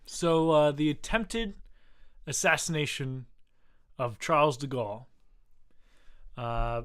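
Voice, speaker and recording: A man's voice: medium pitch, slow, long pauses, fairly bright tone, smooth. A man co-hosting a podcast, improvising a comedy story with many hesitant restarts. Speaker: podcast co-host.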